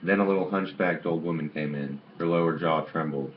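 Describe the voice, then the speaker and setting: A man's voice: a bass voice, fairly quick. A man reading a novel aloud in an amateur way, stumbling and restarting on some words, on a dull lo-fi recording with faint hiss. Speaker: audiobook reader.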